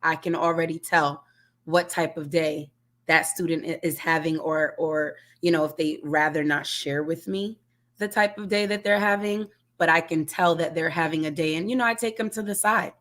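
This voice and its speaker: A woman's voice: deep voice, fairly even intonation, normal speed, fairly bright tone. A woman, a music teacher, speaking earnestly on a webinar panel over a video call. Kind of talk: panel discussion.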